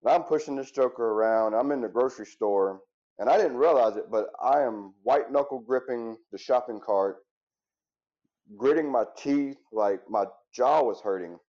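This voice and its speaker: A man's voice: medium pitch, moderate pace, warm tone, dull audio. A man in his thirties, a former firefighter, telling his story in an interview in an earnest, reflective way. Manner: earnest and reflective, with frequent restarts. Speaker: interview guest, former firefighter turned business owner.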